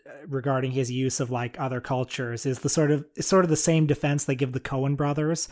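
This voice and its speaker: Man calmly explaining a film plot. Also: mid-range voice. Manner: explanatory, measured, sets up topics. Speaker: podcast co-host. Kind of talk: casual film discussion.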